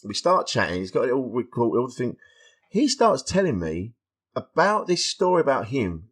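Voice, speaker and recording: A middle-aged man, a stand-up comedian chatting candidly as a guest, telling stories in a lively, frank, self-deprecating way. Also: medium pitch, moderate pace, husky. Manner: animated, acts out dialogue, frank and self-deprecating. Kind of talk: candid conversational storytelling.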